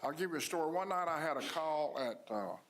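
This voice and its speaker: A man's voice: a little high, lively intonation, fairly quick, a bit bright. Man, commissioner at a public meeting, folksy storyteller, plain down-to-earth talk, stops and restarts. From Louisiana.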